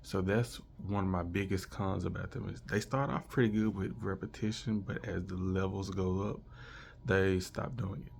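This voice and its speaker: A man in his thirties talks through a product review in a loose, rambling way, circling back and restarting his sentences. His voice sits low with a gravelly edge, and a faint hiss runs behind it. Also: steady tone, normal speed. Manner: rambling, many restarts and fillers. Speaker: vlogger reviewing a language course. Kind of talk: casual unscripted review.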